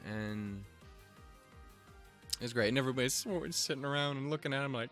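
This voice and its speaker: A man's voice: medium pitch, steady tone, fairly quick, pauses often, fairly bright tone, soft background music. A young man casually recapping and reviewing an episode, with lots of cursing, fillers and jokes. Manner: profane, filler-heavy, joking. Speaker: show review vlogger.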